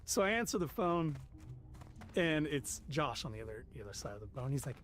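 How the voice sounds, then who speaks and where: A middle-aged man with a fairly high, slightly fast voice casually tells a long military story. He's animated and swears heavily, acting out the voices of the people he quotes.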